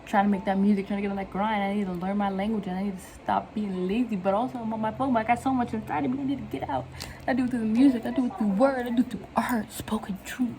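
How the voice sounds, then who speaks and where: A woman's voice: medium pitch, fairly even intonation, dark tone. Young woman, casual vlogger, laughs and rambles, phone-recorded with noisy background. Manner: rambling, slangy, laughs often, quick tangents. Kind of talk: casual rambling vlog chat.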